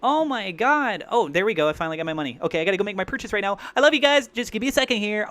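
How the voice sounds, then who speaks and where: A man hosting a crypto livestream, rambling and thinking out loud in an excitable way. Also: sits high, very fast, few pauses. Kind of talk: live-streamed crypto commentary.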